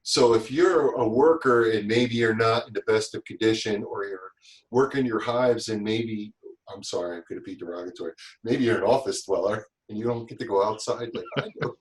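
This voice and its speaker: A man's voice: on the low side, fairly quick, roomy sound, rough recording. A man guesting on a podcast and chatting casually, rambling and often restarting his sentences. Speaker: guest, safety instructor. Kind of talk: casual chat.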